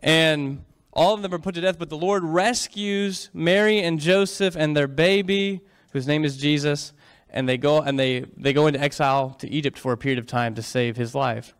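Preacher, male, fairly high voice, dramatic storyteller who keeps asking the congregation questions. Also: moderate pace, few pauses, clean tone. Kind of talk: sermon.

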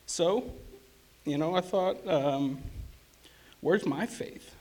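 A man shares his personal testimony in church, earnest and a little halting as he restarts his sentences. His voice sits somewhat high for a man. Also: darkish tone. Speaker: church member giving testimony.

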